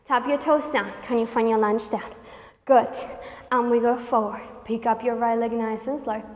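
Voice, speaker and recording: A high-voiced woman coaches a pilates class, cheering listeners on and counting down reps. She is out of breath from working out alongside them, and her voice rings with a long reverb. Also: fairly even intonation, moderate pace, darkish tone. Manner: encouraging, counts reps, panting and laughing between cues. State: out of breath, sweaty. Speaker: pilates instructor. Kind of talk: guided workout instruction.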